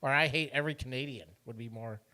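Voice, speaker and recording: A man's voice: medium pitch, quick pace, pushed and bright. A man from Iowa co-hosting a casual podcast, talking in loose rambling runs and laughing easily. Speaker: podcast co-host. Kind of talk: casual chat.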